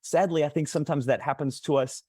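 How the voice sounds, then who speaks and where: A man on a mental health podcast, speaking haltingly with repeated words and explaining through everyday analogies. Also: fairly high pitch, steady tone, darkish tone, dry recording, studio quality. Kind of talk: podcast conversation.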